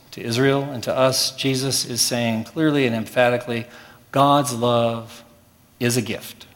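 A man preaching a sermon as pastor, measured, with slow emphatic pauses. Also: mid-range voice, long reverb tail. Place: church.

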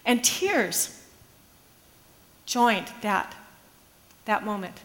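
A woman pastor telling a personal faith story in an earnest, measured, reflective way. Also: medium pitch, sing-song, a bit bright. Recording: long hall reverb.

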